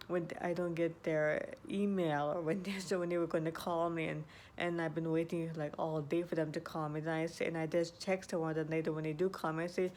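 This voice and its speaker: An earnest woman gives casual advice in a low-pitched voice. She circles back and restarts her sentences. A faint hum of background ambience sits behind her. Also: darkish tone. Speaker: vlogger. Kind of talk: casual advice talk to camera.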